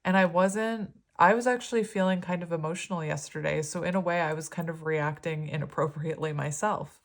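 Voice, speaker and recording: A woman's voice: lowish voice, a little fast. Chatty woman reading tarot cards. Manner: chatty, rambling, with fillers and laughs. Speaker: tarot reader. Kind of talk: casual tarot reading to camera.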